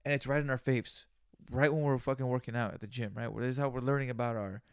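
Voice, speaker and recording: Guy ranting solo on his podcast, swears a lot, kinda gravelly, dry sound. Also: medium pitch, fairly even intonation, quick pace, no echo. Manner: profane, rambling, conversational. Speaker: podcast host.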